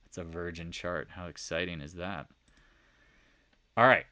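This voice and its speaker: A man hosting a casual market recap, talking through charts with jokey asides, swearing and sudden loud outbursts. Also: low voice, fairly even intonation, a little slow, no room sound. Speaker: stock market recap host. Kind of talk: casual screen-share chart commentary.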